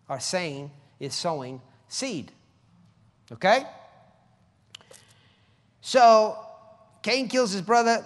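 A man preaching a lively sermon. His voice sits high and jumps widely in pitch. It rings out in a hall with a long echo. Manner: animated, reads scripture slowly, mocks with high voices.

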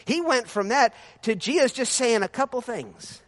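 A man preaching a sermon as pastor, fervent and building to shouts of praise. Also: extremely high pitch, lively intonation, normal speed, few pauses.

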